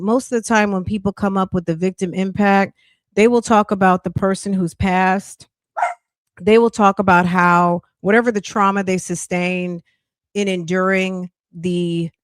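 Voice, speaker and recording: A woman's voice: mid-range voice, no room sound, studio quality. A woman reacting to a court livestream as a commentary streamer, her speech rising into incredulous outbursts.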